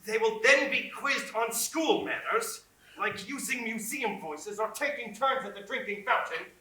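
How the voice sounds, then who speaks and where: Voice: mid-range voice, measured pace, sharp tone. An actor on stage playing a fussy male headmaster who speaks in a formal, announcing way. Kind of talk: live stage acting. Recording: echoey hall from far off, faint noise.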